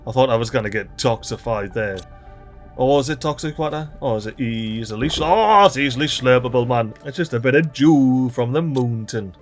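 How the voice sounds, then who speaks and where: A man giving chatty, excitable let's-play commentary, full of mild swearing and local slang. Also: mid-range voice. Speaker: gaming video host.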